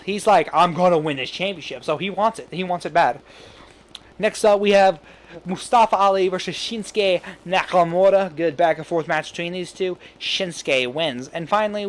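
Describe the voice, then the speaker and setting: A man casually talking through an imagined wrestling show, rambling with quick asides and laughing at his own jokes. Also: fairly high pitch. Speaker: fantasy booking commentator. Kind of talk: casual solo commentary.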